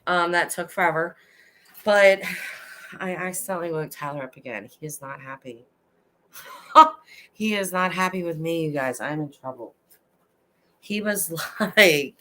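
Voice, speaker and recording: A woman hosting a casual late-night live stream, chatting and rambling with her viewers, full of "like" and quick to laugh. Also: sits low, fairly bright tone.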